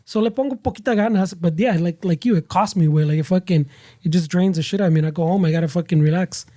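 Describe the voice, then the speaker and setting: A man's voice: high-pitched, fast talker, warm tone. A laid-back man in casual podcast chat, swearing and switching into Spanish. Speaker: podcast co-host.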